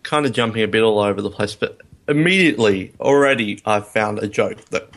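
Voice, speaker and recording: A man's voice: lowish voice, fairly quick, fairly bright tone. A man in a casual film review chat, rambling and hesitant with many ums. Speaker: podcast co-host.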